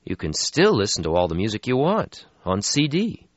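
A man's voice: lowish voice, huge pitch swings, normal speed, dry recording, pitched above the performer's own voice. Lucky, a man doing a brash young vampire. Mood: impatient. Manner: impatient, dismissive, upbeat. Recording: slightly muffled lo-fi audio.

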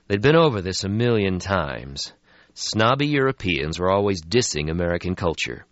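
A man narrating a story as an audiobook reader, in a measured, expressive way. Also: fairly low pitch, no room sound. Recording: slightly muffled lo-fi audio.

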